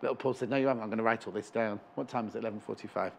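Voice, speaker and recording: A man's voice: lowish voice, fairly even intonation, rapid-fire, gravelly, slight background noise. A man presenting live on a shopping channel, chatting and joking in rambling asides. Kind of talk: live TV sales chat. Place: TV studio.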